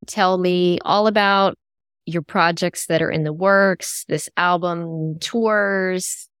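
A woman hosting an interview, speaking slowly and softly. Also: fairly low pitch, steady tone, clear, resonant tone, no echo, clean studio sound. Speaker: podcast host.

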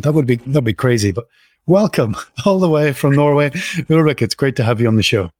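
A man's voice: mid-range voice, lively intonation, brisk, a little mellow, no echo. A man hosting a podcast, reading an upbeat intro and then chatting in a friendly, jokey way with his guest. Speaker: podcast host. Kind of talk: podcast intro and interview chat.

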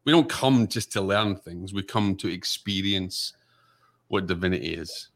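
A deep-voiced man who works as a spiritual medium, talking as a guest on a talk show. He speaks earnestly and often stumbles over repeated words. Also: a little slow. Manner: earnest, repeats words while searching for them. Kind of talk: casual interview talk.

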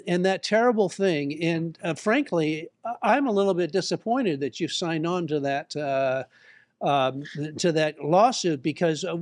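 A man's voice: sits high, no echo. A man hosting a live talk show, under the weather and coughing, joking and rambling with fillers. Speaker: host.

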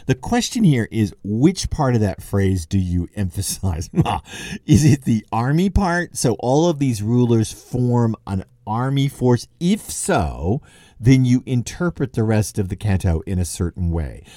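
A man's voice: mid-range voice, big pitch swings, measured pace, warm tone, no room sound, studio quality. A man hosting a podcast, giving a conversational literary lecture, thinking aloud with occasional chuckles. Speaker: podcast host and lecturer on Dante.

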